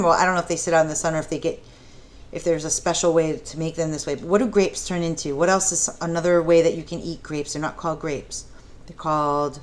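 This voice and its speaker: A woman teaching a preschool art lesson in a gentle, encouraging way, talking the children through each step and asking them questions. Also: low-pitched, normal speed.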